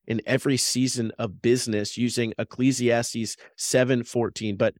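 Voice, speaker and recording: A man's voice: mid-range voice, normal speed, no room sound. Guy cohosting a podcast, chatty, laughs a lot, voice jumps around, dry close mic. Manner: animated storyteller, laughs often. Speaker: podcast co-host. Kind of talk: casual chat.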